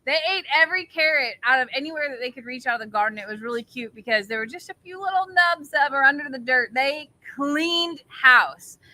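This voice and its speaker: A woman's voice: high-pitched, brisk, hardly any pauses, bright, forceful tone, dry recording. A woman co-hosting a casual livestream outdoors on a farm, exasperated and joking as she defends herself. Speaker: livestream co-host.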